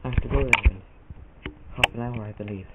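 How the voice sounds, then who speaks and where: Chatting playfully to camera in a rambling vlog, a man speaks briskly in a lowish, steady voice and throws in goofy asides. The audio is tinny, lo-fi camera sound with loud hiss.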